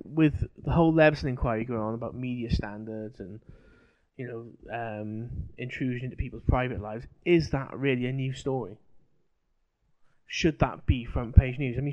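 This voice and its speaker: A man in a casual podcast chat, laying out his arguments at length and often using "you know.". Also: mid-range voice. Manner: measured, builds arguments with many you-knows. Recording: dull lo-fi podcast audio.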